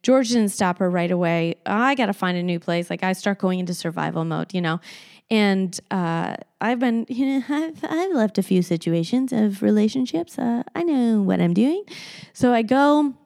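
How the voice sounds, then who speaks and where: A woman hosting a podcast alone, telling a story in casual chat, animated and blunt, laughing often and swearing freely. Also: medium pitch, moderate pace, vocal fry. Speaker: podcast host.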